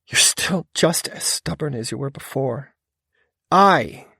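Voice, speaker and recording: A man voicing a wounded, stubborn young woman in an audiobook, pleading and anguished, sometimes yelling. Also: mid-range voice, animated, takes it slowly, gravelly, husky, no room sound, studio quality, pitched above the performer's own voice, heavily acted. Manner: pleading and anguished, rising to yells. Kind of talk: audiobook character voice.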